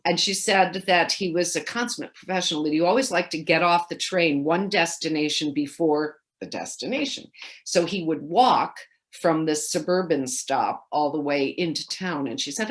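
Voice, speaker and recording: A woman in her seventies giving a keynote speech, telling amused anecdotes and quoting people with lively shifts of voice. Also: low-pitched. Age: 70s. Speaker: keynote speaker. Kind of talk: storytelling speech. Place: home, recorded for a virtual festival.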